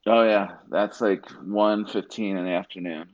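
A man's voice: fairly low pitch, steady tone, moderate pace. A man in his thirties, a guest earnestly telling a personal story in casual talk and acting out the dialogue. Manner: earnest, reenacts dialogue in voices. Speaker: guest, Marine Corps veteran. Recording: dull lo-fi recording.

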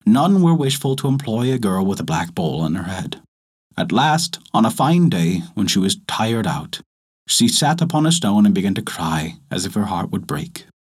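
A man narrating a folktale aloud in an expressive, lilting read-aloud delivery. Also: lowish voice, moderate pace, slightly rough. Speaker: storyteller.

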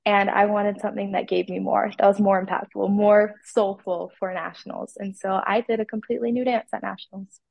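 A woman's voice: mid-range voice, level tone, brisk, gravelly, dry recording, dull audio. A teenage girl from Utah, a pageant titleholder, telling her story with enthusiasm in a casual interview. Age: teens.

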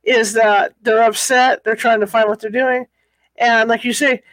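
A man co-hosting a casual conversation, asking clarifying questions in a soft-spoken way. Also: very high voice, level tone, unhurried, dry recording, rough recording.

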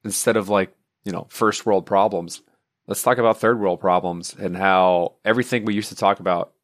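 Low-voiced rambling man, dry sound. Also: steady tone, moderate pace, dry recording. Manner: earnest, rambling, many fillers. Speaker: podcast co-host. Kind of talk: casual chat.

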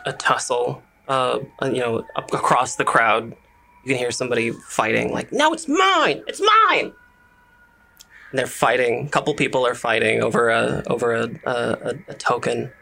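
A man narrating a tabletop game as game master, measured and hesitant, with fillers. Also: mid-range voice, gravelly, pushed and bright.

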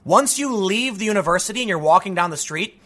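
A man's voice: high-pitched, animated, brisk, a bit bright. A man delivering a sarcastic, ranting opinion monologue as a commentary host.

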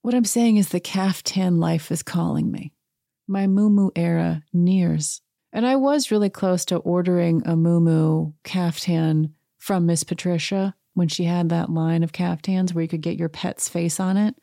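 A woman's voice: fairly low pitch, creaky, mellow, dry recording, studio quality. A woman hosting a chatty recap show, talking casually with sarcastic asides. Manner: sarcastic, chatty, quick to mock. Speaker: podcast host recapping a reality show. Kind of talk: casual chat.

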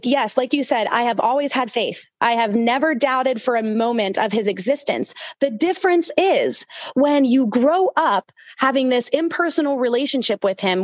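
High-voiced woman giving fervent testimony. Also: dry recording. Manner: fervent, emotional testimony with fast bursts. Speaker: guest. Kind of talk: podcast interview.

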